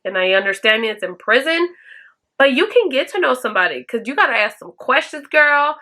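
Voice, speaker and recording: This vlogger's voice sits high, with big pitch swings, a fairly quick pace and a bright, forceful tone. Chatting casually with her viewers and answering their questions, she gives blunt, swear-laden advice, raising her voice to act out quoted lines.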